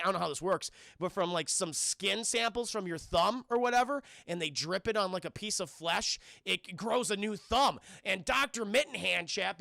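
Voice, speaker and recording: A man's voice: high voice, vocal fry, bright, forceful tone, no room sound, studio quality. A man reviewing a film on a live stream, talking casually and profanely, rambling and often addressing his chat.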